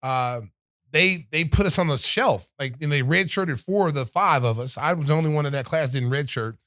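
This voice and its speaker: Middle aged guy telling a story on his podcast, acts out the quotes, kinda high voice, dead dry sound. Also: normal speed, a bit bright, dry recording. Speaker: podcast host. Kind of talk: casual storytelling chat.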